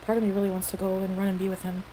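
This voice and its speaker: A woman's voice: mid-range voice, level tone, very fast, mellow, rough recording. A woman talking casually on a livestream, rambling and defensive, with lots of fillers. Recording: livestream audio with background noise.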